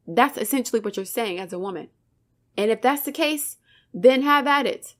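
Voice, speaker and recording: A woman's voice: on the high side, lively intonation, moderate pace, a bit bright. Fired-up woman preaching commentary. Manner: emphatic, preachy, rhetorical questions, swears. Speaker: channel host, commentator. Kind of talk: impassioned commentary monologue.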